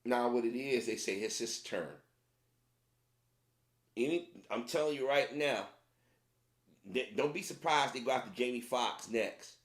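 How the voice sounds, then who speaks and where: A man's voice: mid-range voice, measured pace, long pauses. A man giving casual commentary to his viewers, emphatic and repetitive, often restarting his sentences. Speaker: commentary vlogger. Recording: roomy echo.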